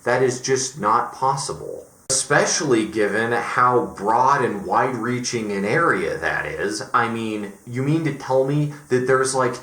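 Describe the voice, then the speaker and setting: A man's voice: mid-range voice, a bit bright, roomy sound. A man from Denver ranting through a profane, exasperated video essay. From Denver, Colorado.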